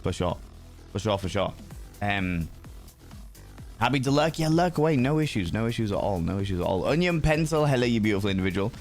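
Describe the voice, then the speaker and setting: A man's voice: lowish voice, expressive, a little fast, soft background music. A man hosting a livestream, chatting casually with viewers in a playful, cheeky way with some swearing. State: sleepy. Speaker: livestream host.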